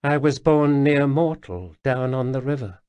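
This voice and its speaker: Brief: calm murmuring ghost of a woman soldier, read by a man, unhurried. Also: medium pitch, smooth, dry recording, voice pushed up, close to an everyday voice. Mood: calm, wry. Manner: quiet, murmuring, resigned. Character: female soldier's ghost, calm, wry, gentle.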